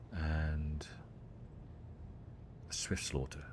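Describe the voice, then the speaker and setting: Very deep-voiced man, quiet let's-play chatter. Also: a little slow. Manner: relaxed, muttered, reads game text aloud. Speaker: gamer playing a video game. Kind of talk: casual let's-play commentary. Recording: loud background noise.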